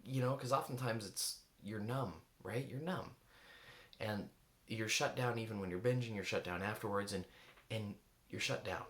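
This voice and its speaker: A man's voice: lowish voice, steady tone, normal speed, fairly bright tone, roomy sound. A man giving a reflective coaching talk, searching for words and asking many rhetorical questions. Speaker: eating coach.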